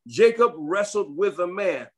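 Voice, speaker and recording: A man's voice: high-pitched, animated, a little slow. A man preaching a sermon, reading scripture aloud and breaking in with emphatic comments, repeating phrases for stress. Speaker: pastor.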